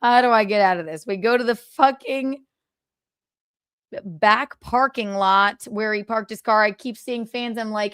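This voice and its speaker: With an expressive, clear and resonant mid-range voice, this woman host recounts a story at a moderate pace during a relaxed livestream, swearing liberally and performing both parts of the exchange. The sound is clean studio audio with no room echo.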